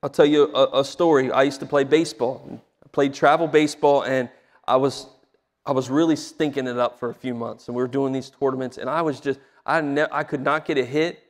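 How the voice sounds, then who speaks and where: A man's voice: mid-range voice, fairly even intonation, brisk. A young adult man preaching a sermon as a pastor, telling personal stories with rising emotion. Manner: emotional storytelling, voice swelling when stirred. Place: church sanctuary. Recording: hall with long reverb.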